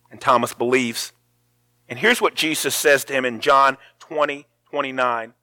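A man preaching a sermon, swinging from hushed words to loud cries and often repeating himself. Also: medium pitch, moderate pace, no room sound. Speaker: pastor.

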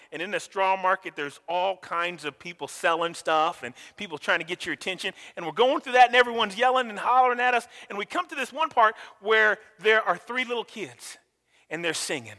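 Male pastor preaching, very high bright voice, emphatic repeats, long church reverb. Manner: emphatic, repeats words, asks the congregation to answer. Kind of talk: sermon.

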